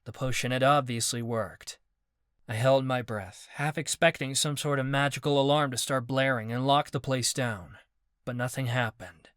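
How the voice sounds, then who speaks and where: A man narrating a first-person fantasy audiobook in a steady, measured way. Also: mid-range voice, clean tone, dry recording, clean studio sound.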